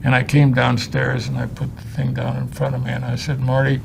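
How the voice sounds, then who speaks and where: An older man from Chicago, a film director, telling humorous, salty anecdotes in an interview with a gravelly voice. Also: medium pitch, completely flat delivery, brisk, a little hiss or hum. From Chicago, USA. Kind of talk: anecdotal storytelling.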